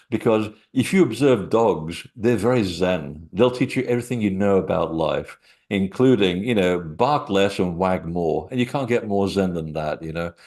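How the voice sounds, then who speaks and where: A man's voice: low-pitched, darkish tone. A middle-aged man, a guest author, talking casually in an interview and telling rambling anecdotes with many fillers.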